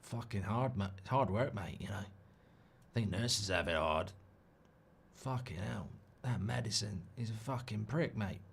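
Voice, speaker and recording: A man doing an impression of a weary, swearing Australian football manager, in a low, mumbling put-on voice. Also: animated, measured pace, vocal fry, slightly rough, exaggerated voice. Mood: gruff, weary.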